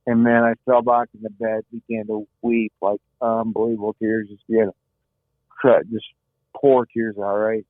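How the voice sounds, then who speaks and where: A man's voice: lowish voice, flat delivery, moderate pace, dry recording. Earnest man on a tinny phone line. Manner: earnest, repeats words as he searches for them. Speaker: guest. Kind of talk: emotional personal storytelling.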